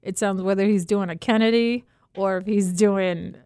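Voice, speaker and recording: A woman co-hosting a podcast in casual chat, teasing and laughing often, animated when she retells things. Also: mid-range voice, moderate pace, clear, resonant tone, no room sound, studio quality. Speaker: podcast co-host, nurse.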